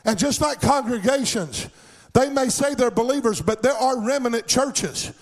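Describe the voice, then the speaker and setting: A male pastor preaching a sermon in a sing-song cadence, swelling into shouts, in a church. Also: very high voice, measured pace. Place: church sanctuary.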